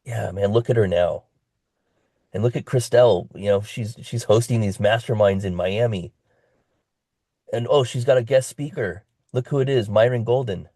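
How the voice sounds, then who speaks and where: A man's voice: mid-range voice, moderate pace, warm tone, no room sound, studio quality. A man hosting an online community call, rallying listeners with a motivational pep talk. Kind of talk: casual online group call.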